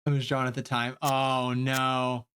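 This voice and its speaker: A man's voice: mid-range voice, completely flat delivery, a little slow, fairly bright tone, a little hiss or hum. A man streaming a story game live, reading aloud and reacting with frequent swearing.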